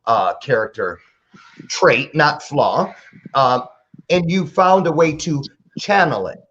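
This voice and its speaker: A man's voice: on the high side, animated, takes it slowly, fairly bright tone, lo-fi sound, a little hiss or hum. A man hosting a casual podcast interview, playful and joking. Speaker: podcast host.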